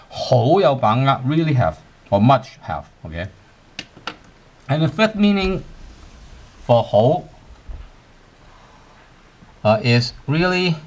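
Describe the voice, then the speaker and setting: A man teaching words in English, explaining step by step, slowing down on each word and asking "right?" to check the listener is following. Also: medium pitch. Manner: slows to spell out Cantonese words. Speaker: Cantonese teacher. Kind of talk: language lesson.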